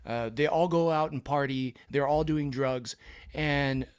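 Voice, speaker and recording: A man's voice: medium pitch, a little slow, clean tone. A man co-hosting a casual pop-culture podcast, recapping a show eagerly with plenty of fillers. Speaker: podcast co-host. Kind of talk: casual chat.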